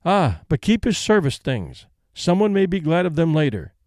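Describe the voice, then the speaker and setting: A man voicing a brisk, stoic old woman who speaks in a crisp, decisive, matter-of-fact way. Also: a little high, sing-song, darkish tone, no echo, studio quality. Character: older woman, brisk, stoic, practical invalid.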